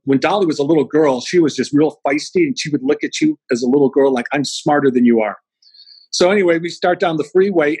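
A middle-aged man, a guest speaker, telling animated anecdotes in an interview and acting out the quotes. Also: fairly high pitch, slightly rough, no room sound, rough recording. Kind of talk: storytelling in an interview.

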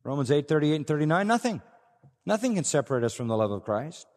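A man's voice: a little high, sing-song, fast talker, darkish tone. A man preaching an expository sermon, earnest and emphatic, often repeating key phrases. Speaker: pastor. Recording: long reverb of a large hall.

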